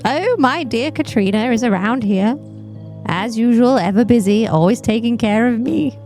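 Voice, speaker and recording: A woman's voice: a little high, normal speed, darkish tone, soft background music, lightly acted. Woman putting on a fond frail old father. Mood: reminiscing. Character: elderly father, fond, frail, absent-minded. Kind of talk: reading game dialogue aloud.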